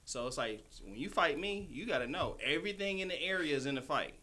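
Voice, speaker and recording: Lively bright-voiced man hosting. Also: on the high side. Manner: chatty, quick reactions, laughs along. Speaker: podcast host. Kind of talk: casual chat.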